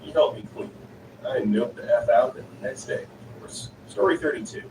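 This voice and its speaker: A man's voice: medium pitch, expressive, moderate pace. Distant echoey male story narrator. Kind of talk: reading online stories aloud. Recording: echoey, distant voice with noisy ambience.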